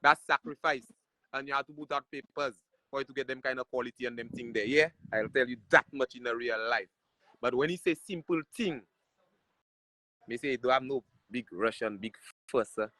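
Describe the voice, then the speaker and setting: A Saint Lucian calypso artist talks animatedly and patriotically about his music video and his family in a casual interview, repeating phrases like "you check what I showing you." His medium-pitched voice moves a little fast, and the recording is rough but has no echo.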